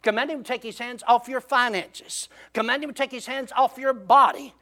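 A man preaching, telling a folksy story in a lively, drawling way. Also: very high voice, moderate pace.

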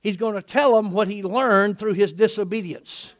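A middle-aged man preaching a lively sermon in a folksy way. He laughs often, asks his listeners "isn't that right?" and acts out the people in the passage he is reading. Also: high voice, normal speed. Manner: animated, folksy, laughing often, acting out quotes.

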